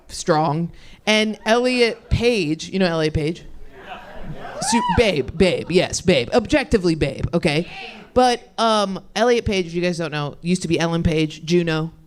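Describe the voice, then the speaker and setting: A woman's voice: medium pitch, normal speed. A young woman doing a stand-up set on a club stage, rambling and self-deprecating, laughing mid-sentence and losing her thread. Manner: loses her thread, many fillers and restarts. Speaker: stand-up comedian.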